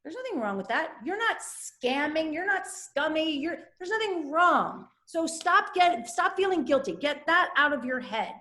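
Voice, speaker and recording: Woman, middle-aged, high pitch, lively storytelling, echoey room. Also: moderate pace, hardly any pauses. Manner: animated, acts out quoted voices. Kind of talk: candid personal storytelling.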